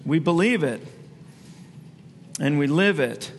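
A man's voice: on the high side, lively intonation, slow, creaky, big-room sound, a little hiss or hum. A man preaching a sermon as pastor, in a conversational way with asides he laughs at himself.

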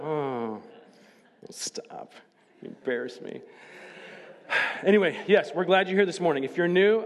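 A man preaching as a pastor, joking casually with the congregation before slowing down to read scripture solemnly. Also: on the high side, long reverb tail. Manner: chatty and joking, then slow solemn scripture reading. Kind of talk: sermon. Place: church sanctuary.

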